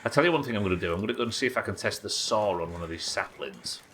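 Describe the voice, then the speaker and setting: A man commentating his own live game stream, excitable, swearing and talking to his chat. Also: on the low side, racing, a little hiss or hum.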